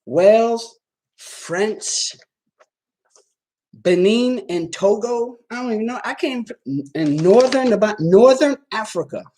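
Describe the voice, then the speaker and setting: Swearing freely and boasting in a streetwise manner, a man answers viewer comments on a casual livestream, speaking directly to his audience and often checking whether they follow. His voice is high-pitched yet dark in tone, expressive and slow, with slight background noise.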